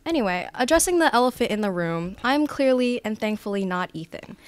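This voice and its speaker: A woman's voice: mid-range voice, expressive, a little fast, smooth, dry recording. A young woman from the Philippines, guest hosting a casual podcast with playful, bubbly banter. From Filipino. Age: young adult. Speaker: guest host.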